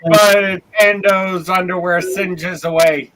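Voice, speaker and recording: A man playing a tabletop game, speaking in a wry, deadpan way. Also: high-pitched, takes it slowly. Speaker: player. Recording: clear background noise.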